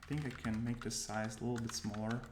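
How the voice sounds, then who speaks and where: This developer talks fast in a steady, medium-pitched voice, giving casual commentary as he shows his coding workflow. He thinks aloud and often stops to correct himself. The recording is roomy and noticeably noisy, with keys typing and a mouse clicking.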